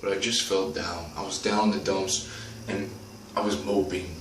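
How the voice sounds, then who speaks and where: A man's voice: low voice, little pitch movement, moderate pace. A man giving an earnest motivational monologue to his viewers, speaking directly and repeating his points. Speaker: motivational video host. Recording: roomy, distant from the mic, faint noise.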